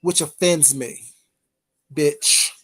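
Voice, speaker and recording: A woman hosting a livestream, ranting at her chat in a profane, confrontational way that swings between loud and quiet. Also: low-pitched, extremely slow, breathy edge. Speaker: livestream host. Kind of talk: heated livestream rant to chat.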